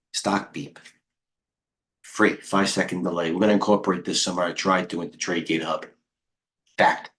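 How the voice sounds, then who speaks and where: Middle-aged male trading coach, low-pitched, loose and excitable, riffs on charts to his viewers. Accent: New York. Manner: rambling, excitable, chatty with viewers. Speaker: trading coach hosting a livestream. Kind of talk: casual live market commentary.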